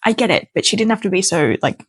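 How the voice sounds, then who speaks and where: A young woman tells a wild personal story in a chatty, animated way and slips into the voices of the people in it. Her voice sits at a middle pitch. The sound is dry and close, with no room echo. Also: fast, breathy edge. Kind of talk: casual storytime narration.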